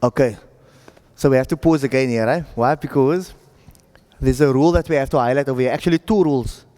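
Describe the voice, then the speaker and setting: A man teaching Quran recitation in a relaxed classroom manner, often pausing to ask "right?" to check that his students follow. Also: medium pitch. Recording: echoey classroom audio.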